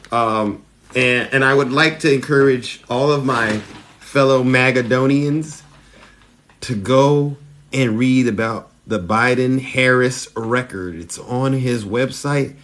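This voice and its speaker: A man with a mid-range voice hosts a satirical live stream. He speaks in a mock-earnest, animated way, his voice rising excitedly as he retells stories.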